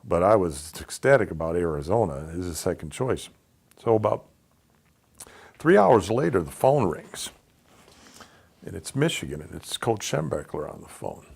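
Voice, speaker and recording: A man's voice: low voice, very animated, moderate pace, gravelly, pauses often, darkish tone, breathy edge. A man telling a personal story in a casual, conversational way, acting out the voices of people in it. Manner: conversational, acts out quoted dialogue. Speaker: speaker telling his life story.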